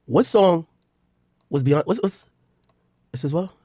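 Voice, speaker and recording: A man's voice: a little high, animated, slow pace, dark tone, husky, no room sound, clean studio sound. A man streaming casual commentary to his chat, reading posts aloud and reacting bluntly, with frequent profanity.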